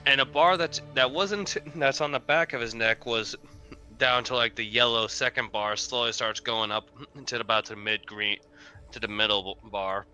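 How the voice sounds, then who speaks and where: A man's voice: medium pitch, fairly even intonation, normal speed, bright, forceful tone, rough recording. A man playing a tabletop game, describing his character's actions in a chatty way. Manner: chatty, laughs between lines. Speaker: player. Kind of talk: casual tabletop role-play.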